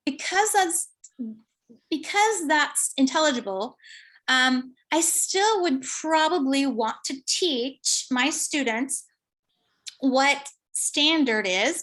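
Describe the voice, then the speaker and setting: A woman giving an online lecture, explaining slowly and thinking aloud with fillers. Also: high voice, a bit bright.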